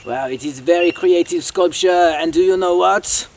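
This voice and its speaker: A man's voice: sits high, normal speed. A man with a French accent hosting a children's show, teasing the kids and sprinkling in French words. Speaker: host.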